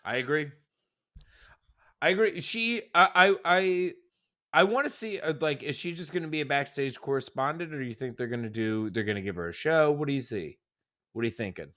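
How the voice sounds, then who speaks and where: A young man hosts a casual wrestling recap show with an upbeat, animated delivery. His voice is bright and forceful, and he often stumbles and restarts his sentences. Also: fairly high pitch, fairly quick. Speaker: host.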